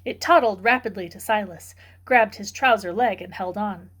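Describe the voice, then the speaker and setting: A woman's voice: medium pitch, normal speed, fairly bright tone. Woman reading a novel aloud. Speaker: book club reader.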